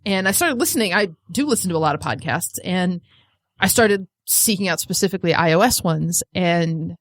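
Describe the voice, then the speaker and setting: A woman's voice: on the low side, expressive, normal speed, no echo, clean studio sound. A woman who is an iOS developer, a guest chatting casually on a podcast and laughing easily.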